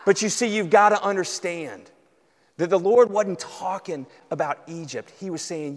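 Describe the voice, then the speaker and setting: A pastor with a Southern US accent delivers an earnest sermon, rising to loud urgency and dropping to near-hushed confession. His voice sits fairly high for a man, and a long hall reverb trails behind every phrase. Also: normal speed.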